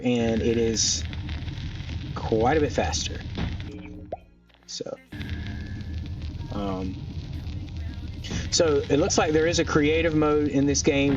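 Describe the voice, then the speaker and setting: A man casually narrating his own gameplay, thinking aloud and filling pauses with ums as he goes. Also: medium pitch, distant mic. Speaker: gaming channel host. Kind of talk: casual let's-play commentary. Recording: dull lo-fi mic a bit off, faint music. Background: faint background music.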